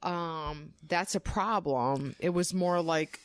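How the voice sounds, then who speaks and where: Low pitched young woman on a podcast, swears a lot, acts out the quotes, dry sound. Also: takes it slowly, clean tone, dry recording. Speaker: podcast co-host. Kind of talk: casual true crime storytelling.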